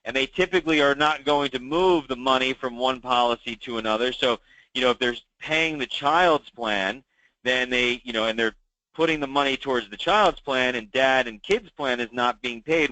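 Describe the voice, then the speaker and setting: A man's voice: mid-range voice, moderate pace, pushed and bright, no echo, low-quality recording. A man hosting a weekly call for insurance agents, talking through problems in a conversational way with many fillers and repeating key advice. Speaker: meeting host for insurance agents.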